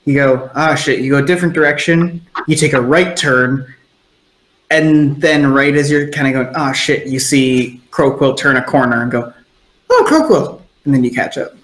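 A man's voice: mid-range voice, steady tone, moderate pace, a bit bright. A man narrating a tabletop role-playing game as game master, in a loose, descriptive storytelling way. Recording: echoey room.

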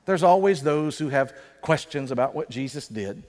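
A man's voice: a little high, expressive. Man preaching in a reverberant church. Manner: conversational preaching with emphatic slowdowns. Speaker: pastor. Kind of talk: sermon. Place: church sanctuary.

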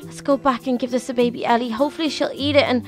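A woman's voice: high voice, steady tone, fast, darkish tone, faint music behind. A woman host narrating a game role-play in a fretful manner, exclaiming often and talking to herself.

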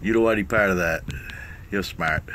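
A man's voice: low voice, brisk, noisy background. A man playfully teasing his dogs in a casual home video, repeating commands and chatting about them. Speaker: dog owner filming his pets.

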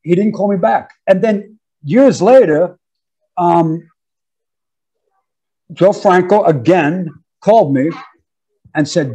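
Male guest in his 50s from New York; high-ish, mellow voice, loose anecdotal delivery. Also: slow, pauses often, husky, rough recording. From New York, USA. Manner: animated, laughing, slangy. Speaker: drummer, interview guest. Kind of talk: casual storytelling interview.

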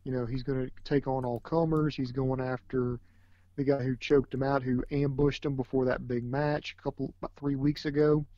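A man co-hosts a relaxed wrestling review, easygoing and joking, with plenty of "you know" between his thoughts. His voice sounds slightly dull and lo-fi, though close and dry, with no room echo. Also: medium pitch, normal speed. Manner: easygoing, joking, many fillers. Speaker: podcast co-host. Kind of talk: casual wrestling review chat.

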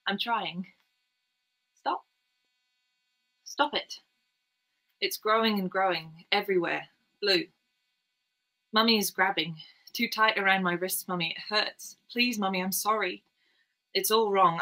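A woman's voice: mid-range voice, gravelly, sharp tone. A woman voicing a small girl who pleads with her mother in a breathless, tearful way.

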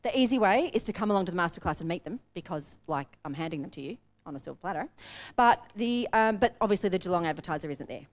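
An Australian woman coaching a live workshop, energetic and direct, telling stories to make her points. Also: fairly low pitch, quick pace, hardly any pauses. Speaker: business coach. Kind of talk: workshop teaching. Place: seminar room with an audience.

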